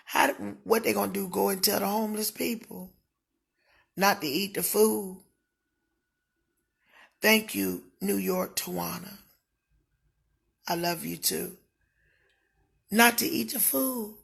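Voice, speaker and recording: A woman speaking casually to livestream viewers, emphatic and given to shouting when aggrieved. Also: medium pitch, slow pace, creaky, pauses often, husky.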